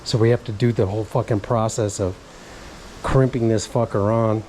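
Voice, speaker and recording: A man's voice: fairly low pitch, steady tone, moderate pace, a little mellow, slight background noise, rough recording. A man casually talking through a bike tube repair in a vlog, rambling, muttering to himself and swearing now and then. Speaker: vlogger.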